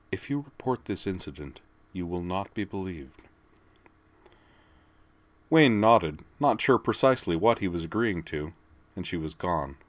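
A man with a low, deep voice reads a story aloud at a measured, even pace. His delivery is steady, and the recording is dry and close with no room sound. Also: dry recording. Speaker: narrator. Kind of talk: audiobook narration.

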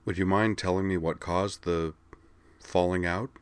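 A man's voice: sits low, fairly even intonation, a little slow, clean tone, no echo. A man voicing a polite, formal woman counselor who asks probing questions, in a read-aloud story. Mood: prim. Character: prim adult woman school counselor, prying and easily flustered. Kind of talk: audiobook character reading.

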